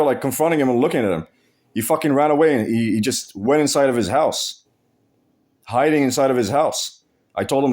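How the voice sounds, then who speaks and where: Speaking at a normal speed in a mid-range, slightly mellow voice, a man tells a story straight to camera for a casual vlog. He's blunt and profane, with frequent restarts and repetition.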